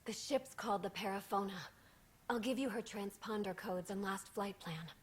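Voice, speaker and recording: An actress voicing a shaken young female junior officer in a video game, speaking in a weary, hushed way. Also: mid-range voice, normal speed, lightly acted. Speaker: game character.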